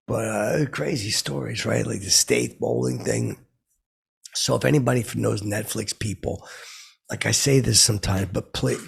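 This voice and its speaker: A man hosting his own podcast, telling boastful comic stories in a meandering way with lots of fillers. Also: on the low side. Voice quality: gravelly, raspy. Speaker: podcast host. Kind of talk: rambling comic storytelling.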